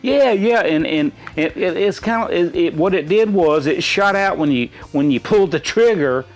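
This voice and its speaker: A man's voice: high-pitched, lively intonation, moderate pace, faint music behind. Rambling, folksy middle-aged man. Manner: rambling and folksy, many restarts. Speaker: quiz contestant. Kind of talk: casual chat.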